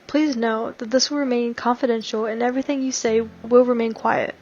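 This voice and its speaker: A woman reading the lines of a calm, reassuring male therapist in a story reading. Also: a little high, brisk, lightly acted. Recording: slightly dull lo-fi recording.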